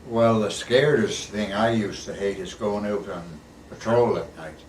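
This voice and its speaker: A man's voice: on the low side, moderate pace, a little mellow. An older man, a war veteran, telling his stories in a plain, folksy way, often ending sentences with "eh". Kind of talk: casual storytelling interview. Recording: echoey room, recorded from a distance, faint background hiss.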